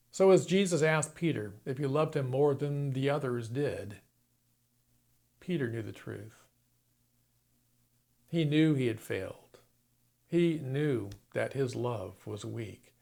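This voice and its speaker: A man's voice: medium pitch, vocal fry, mellow. A man preaching a sermon, retelling a story dramatically and acting out the quoted lines. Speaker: pastor.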